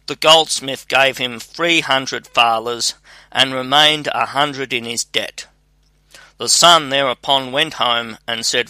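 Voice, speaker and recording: A man reads a fairy tale aloud at a slow pace in a steady, unhurried manner. His tone is bright and crisp, and the recording is dry and close. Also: mid-range voice, no room sound. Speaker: storyteller. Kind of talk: scripted fairy-tale narration.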